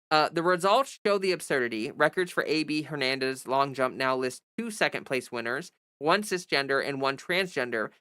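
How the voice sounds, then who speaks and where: A young woman on a livestream, working through a news article at her desk microphone. Her voice is somewhat low for a woman, and she reads plainly but with an exasperated, sarcastic edge that keeps breaking through. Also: fairly bright tone, no room sound, clean studio sound. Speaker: livestream commentator. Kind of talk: reading an article and ranting commentary.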